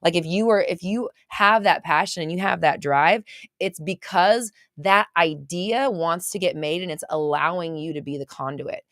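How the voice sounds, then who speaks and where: Gushing, excitable woman on a livestream. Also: lowish voice, moderate pace, dry recording, studio quality. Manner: gushing and excitable, swearing casually. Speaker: host of a mindset livestream. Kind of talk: casual livestream talk to viewers.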